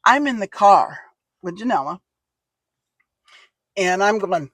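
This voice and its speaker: Woman, casual storyteller, lively, acts out voices, laughs, dry close sound. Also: medium pitch, slow pace, dry recording.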